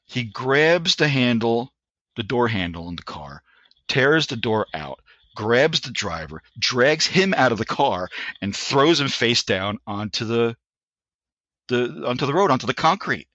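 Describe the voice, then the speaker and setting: A man in his sixties telling a story as a podcast guest. He talks in an animated way, with frequent restarts, and acts out the voices of people he quotes. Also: medium pitch, a little slow, no room sound, dull audio. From United States. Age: 60s. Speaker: guest, Army veteran. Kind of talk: anecdotal storytelling in a podcast interview.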